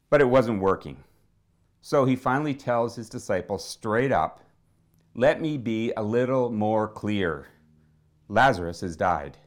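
A man preaching a sermon, retelling a story in a conversational way and acting out the quoted voices. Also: on the low side.

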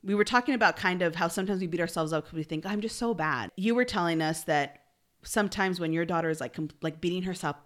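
A woman's voice: lowish voice, fast talker, hardly any pauses. A woman co-hosting a podcast, speaking reflectively in casual chat and laughing easily with her co-hosts. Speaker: podcast co-host.

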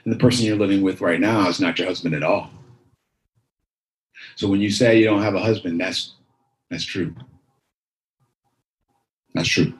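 A man voicing a calm, knowing man, dropping his voice low and speaking quietly. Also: moderate pace, pauses often, roomy sound, close to an everyday voice.

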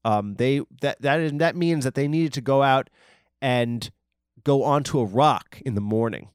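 A man's voice: mid-range voice, unhurried, clean tone, no echo, studio quality. A man hosting a podcast, rambling through a comedic monologue with mock-serious, absurd tangents. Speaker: podcast host.

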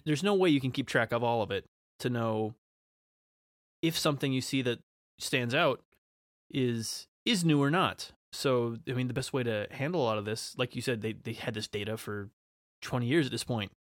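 A man's voice: medium pitch, no echo, clean studio sound. A man co-hosting a podcast, talking thoughtfully with many hesitations and ums. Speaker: podcast co-host. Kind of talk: casual podcast chat.

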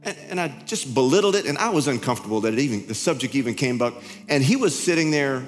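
A middle-aged man preaching a sermon in a conversational, confessional way, telling a story with many halting restarts. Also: mid-range voice, lively intonation, long reverb tail, faint music behind. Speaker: pastor.

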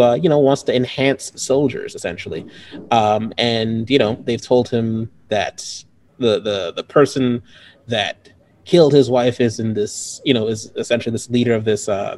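A man's voice: medium pitch, darkish tone. A man casually reviewing movies as a podcast co-host, rambling and laughing often.

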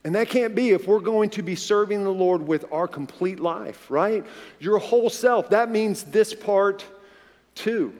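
A man in his forties, a pastor preaching a sermon, telling a personal story in an animated way and acting out the dialogue. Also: high-pitched, unhurried. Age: 40s. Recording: long reverb of a large hall.

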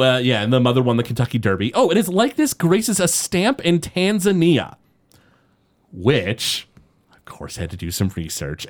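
A man co-hosting a podcast, recapping a cartoon episode in casual chat and acting out the quotes as he goes. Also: mid-range voice. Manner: animated storytelling, acts out quotes in exaggerated voices. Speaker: podcast co-host.

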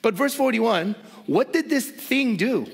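A male pastor delivers a sermon in a high, emphatic voice. He drives his points home by repeating words and firing rhetorical questions at his listeners. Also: animated, a little slow, gravelly, slightly rough.

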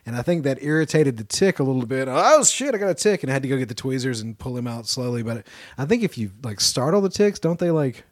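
A man's voice: mid-range voice, lively intonation, fast talker, darkish tone, no room sound. Joking man on a dry close mic. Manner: joking, laughing, profane. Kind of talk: casual chat.

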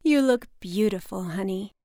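A woman voicing a brash, blunt, paranoid middle-aged mother with a brassy, loud delivery. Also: mid-range voice, expressive, normal speed, no echo, studio quality, lightly acted.

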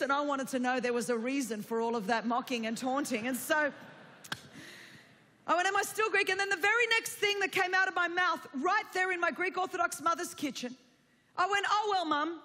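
A woman's voice: high-pitched, fairly bright tone, big-room sound. A woman, telling a personal story from the pulpit in a chatty, humorous sermon. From Australia. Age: 40s. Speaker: preacher.

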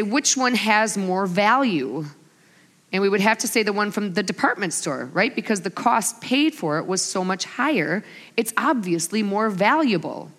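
A woman in her forties preaching a sermon to a live gathering, an animated storyteller who acts out her family's lines. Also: mid-range voice. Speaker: women's ministry speaker. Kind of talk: sermon with humorous stories. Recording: long hall reverb.

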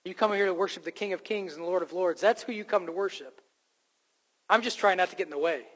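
This pastor's sermon comes fast, his fairly high voice a bit bright as he preaches with earnest emphasis and self-deprecating humor. Long church-sanctuary reverb rings around him.

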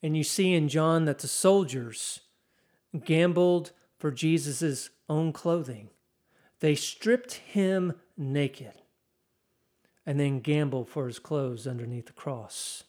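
A man preaching a sermon, reading scripture slowly and dramatically with rising intensity. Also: fairly high pitch, a little mellow.

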